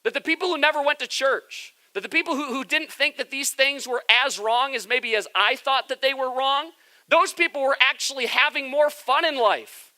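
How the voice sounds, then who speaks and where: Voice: high voice, moderate pace, sharp tone. A pastor delivering a sermon, speaking candidly and confessionally, addressing the congregation directly.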